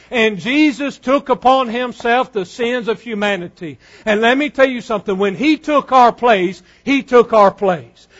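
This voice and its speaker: A man preaching a sermon fervently, building up to shouts. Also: sits high, highs cut off.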